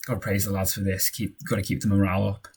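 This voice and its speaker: A young man speaks fast in a low, slightly rough voice with a level tone as he casually commentates on his football management game. Goals draw cheers and shouts from him, and tense moments draw muttering.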